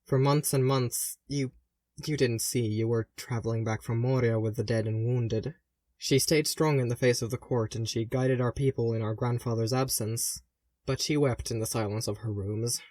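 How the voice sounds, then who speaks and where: A man's voice: medium pitch, steady tone, moderate pace, darkish tone, no room sound, clean studio sound, lightly acted. A man voicing the ghost of a young dwarf prince, earnest and serious, in an audiobook reading. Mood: subdued.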